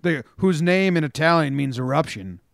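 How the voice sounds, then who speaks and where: A podcast co-host on a casual sports show tells stories animatedly, acting out locker-room quotes full of swearing. His voice is a little high and gravelly, his pace moderate, and the recording is dry.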